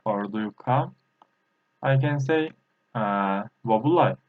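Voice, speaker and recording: A man, a native Turkish speaker, giving a language lesson in English, halting and repeating words slowly with many fillers. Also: lowish voice, lively intonation. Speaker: language teacher. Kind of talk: slow spoken language lesson. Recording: tinny phone-like audio.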